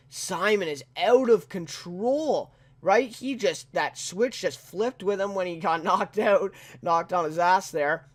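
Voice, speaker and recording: A man casually reviewing a TV episode, rambling with lots of fillers and tag questions, and chuckling now and then. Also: sits high. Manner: chuckles often while talking.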